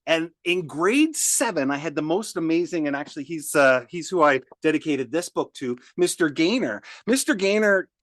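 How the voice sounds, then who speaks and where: Upbeat guy guest on a podcast, kinda high voice, tells stories fast w lots of restarts, dry mic. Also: no room sound. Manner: energetic storyteller, many restarts. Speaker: guest speaker. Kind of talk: podcast interview.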